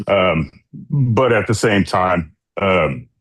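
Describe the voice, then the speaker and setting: A man's voice: deep voice, expressive, slow pace, a bit bright. A man who founded a company, answering as a guest in a casual, conversational way. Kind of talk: interview answer.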